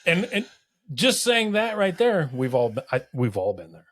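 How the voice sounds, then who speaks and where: A man's voice: fairly high pitch, wildly swooping pitch, moderate pace, fairly bright tone, dry recording, studio quality. A man hosting a podcast interview, who keeps affirming the guest and summing up what he says. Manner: affirming, sums up the guest's words. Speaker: podcast host. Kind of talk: supportive interview chat.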